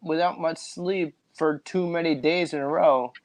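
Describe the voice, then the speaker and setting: A man's voice: on the high side, fairly even intonation, unhurried, no echo. A man in a casual chat who teases and pushes back with plain facts. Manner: teasing, argues with facts.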